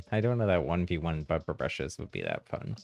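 A man streaming a game, chatting casually with viewers, a bit hesitant and quick to laugh, his voice a little hoarse. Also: low-pitched. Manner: relaxed, hesitant, laughs often. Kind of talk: casual live-stream chat.

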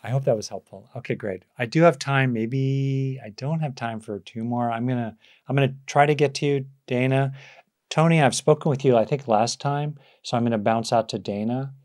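A man's voice: medium pitch, moderate pace, a little mellow. A man teaching on a live video call, reflective and conversational, with frequent fillers and restarts. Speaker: meditation teacher hosting a Q&A. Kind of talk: live online talk with questions.

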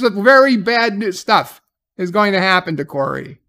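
Man with a high voice, casual episode recap, sarcastic, swears a lot. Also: sing-song, moderate pace, pushed and bright. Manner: profane, sarcastic paraphrasing of scenes. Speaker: TV episode reviewer.

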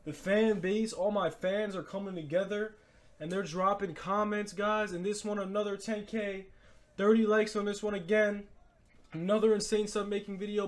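A young man giving excited gameplay commentary as a channel host, talking straight to his fans and shouting at times. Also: high-pitched. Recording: faint music bed behind.

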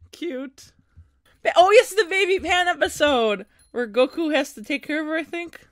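Squealing high-pitched young woman reacting. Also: expressive, a little slow, a bit bright, no echo, studio quality. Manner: screaming, squealing and laughing often, swears freely. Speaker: anime reaction YouTuber. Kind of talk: excited reaction commentary.

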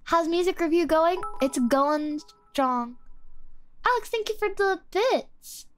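Excitable young woman streamer with a high voice. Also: takes it slowly, faint music behind. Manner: excitable, exclamatory, casual. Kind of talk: live music review stream.

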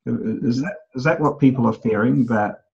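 A man's voice: mid-range voice, fairly quick, gravelly, a little mellow, breathy edge, lo-fi sound. A male interviewer asking questions in a thoughtful, hesitant way. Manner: thoughtful, hesitant phrasing with fillers. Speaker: interviewer, host. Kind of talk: conversational interview.

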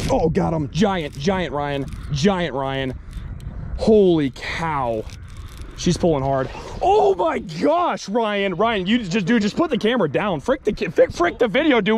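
Brief: young male fishing vlogger, fairly high, very lively delivery, outdoor hiss behind. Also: slow pace. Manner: excitable, joking, shouts when hooked. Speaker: fishing video host. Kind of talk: casual outdoor vlog. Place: outdoors on the water.

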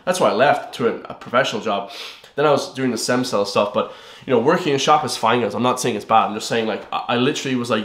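A man's voice: mid-range voice, quick pace, a bit bright. A young man giving a rambling, blunt motivational monologue to his viewers. He swears freely and keeps calling them "guys.". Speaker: fitness vlogger. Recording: roomy echo.

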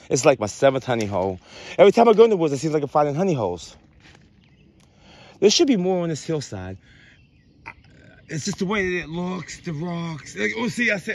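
Excited man rambling outdoors in the woods. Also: a little high, no echo. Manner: excited, rambling, talks to mushrooms playfully. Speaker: vlogger. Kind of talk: casual outdoor vlog narration.

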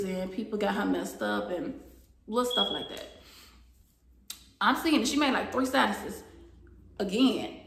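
A young woman vlogger recounts a workplace story in a casual, animated way, dropping swear words without hesitation. Her voice carries a gravelly fry, and the room around her rings with echo. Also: mid-range voice, a little hiss or hum. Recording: echoey room.

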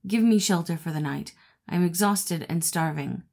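A woman voicing a good-natured, gentle male dog in a storybook reading, speaking quietly and humbly. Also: fairly low pitch, normal speed, creaky. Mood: pleading.

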